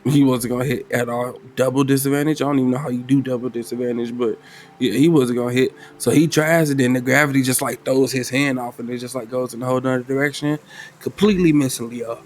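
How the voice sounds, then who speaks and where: A man's voice: mid-range voice, steady tone, fast, a little hiss or hum. Slangy laid-back man narrating a solo game. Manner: loose, slangy, thinking aloud with laughs. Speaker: game master playing solo. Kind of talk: casual tabletop game narration.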